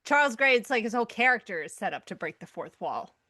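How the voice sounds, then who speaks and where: A woman's voice: a little high, big pitch swings, fast, sharp tone, no room sound, studio quality. A woman co-hosting a casual podcast chat who weighs her choices aloud. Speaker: podcast co-host.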